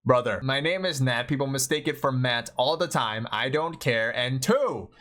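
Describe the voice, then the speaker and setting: Young man, Thai native, mid pitch, casual exasperated vlogger rant. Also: moderate pace. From Thailand. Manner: animated, exasperated ranting with frequent "like" and "bro". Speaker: anime commentary vlogger. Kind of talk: casual opinion vlog.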